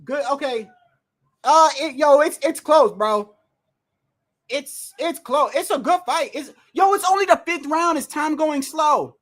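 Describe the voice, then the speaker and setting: Excitable high-pitched fight streamer. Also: normal speed. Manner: excitable, loud outbursts, frequent slang and cursing; rambling restarts and repeated words. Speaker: livestream host. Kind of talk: casual fight watch-along commentary. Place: indoors at home, wind and street heard outside.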